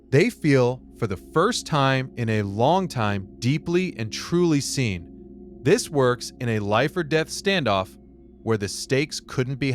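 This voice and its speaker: Man narrating with a lively, expressive lilt. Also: mid-range voice. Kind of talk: scripted self-help narration.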